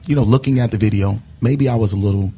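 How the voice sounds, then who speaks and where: A middle-aged man, a bishop, answering interview questions in a measured, conciliatory way. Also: on the low side, mellow, husky. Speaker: bishop and pastor.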